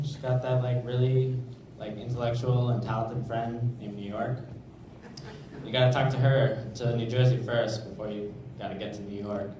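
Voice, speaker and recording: A man's voice: mid-range voice, steady tone, moderate pace, a little mellow. Rambling young male stand-up comic. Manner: rambling, filler-heavy delivery. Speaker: stand-up comedian. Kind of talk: stand-up comedy set. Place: comedy club stage. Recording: echoey club room, mic from far off, noisy.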